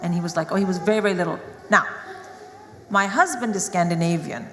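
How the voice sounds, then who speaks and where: A woman's voice: lowish voice, fast talker, a bit bright. A woman from India, moderating a live panel and telling anecdotes with frequent laughter. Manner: chatty, laughing through anecdotes. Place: stage in a large hall with live audience. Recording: echoey hall, noisy room.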